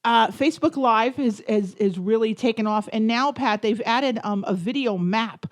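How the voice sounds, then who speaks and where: A woman with a New York accent rambles playfully through a podcast chat, laughing often. Her voice sits on the higher side. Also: moderate pace. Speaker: podcast co-host. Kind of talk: casual chat.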